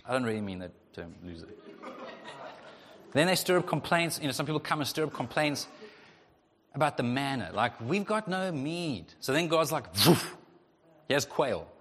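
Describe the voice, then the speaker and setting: A male pastor preaching a sermon in a lively way, acting out the voices of the people in his story. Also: mid-range voice, moderate pace, long pauses, slight background noise. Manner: animated, acts out voices of God and the Israelites. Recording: long hall reverb.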